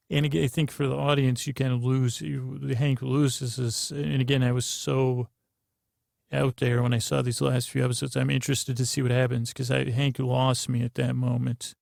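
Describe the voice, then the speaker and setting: A man hosting a bedtime podcast, rambling slowly and aimlessly with many fillers. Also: medium pitch, level tone, vocal fry, a little mellow, no echo, clean studio sound. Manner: meandering and slow, with many fillers. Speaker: podcast host. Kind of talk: drowsy bedtime podcast monologue.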